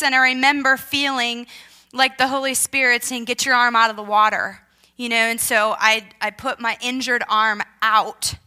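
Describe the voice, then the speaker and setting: A woman giving an earnest personal testimony, retelling events vividly and sometimes dropping to a hushed whisper. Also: high voice.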